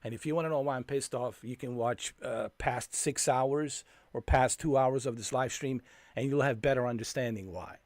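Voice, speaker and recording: A man's voice: medium pitch, normal speed, darkish tone, no room sound. A man live-streaming a flight game, fuming and ranting with constant swearing at the game.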